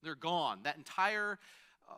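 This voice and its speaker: Male pastor, fairly high bright voice, casual preaching style with asides. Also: sing-song, a little slow, smooth. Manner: conversational, with frequent restarts and asides. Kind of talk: sermon.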